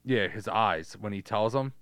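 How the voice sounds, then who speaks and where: Low-voiced man in loose podcast chat. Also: a bit bright, smooth, no room sound. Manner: loose, profane, does quick impressions. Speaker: podcast co-host. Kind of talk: casual movie chat.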